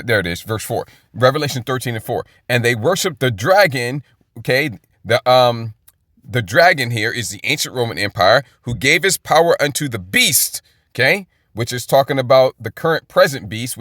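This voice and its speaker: A man's voice: on the high side, a bit bright, no echo, studio quality. A man giving casual Bible commentary, emphatic and rhetorical, often checking in with "okay?". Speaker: Bible teacher.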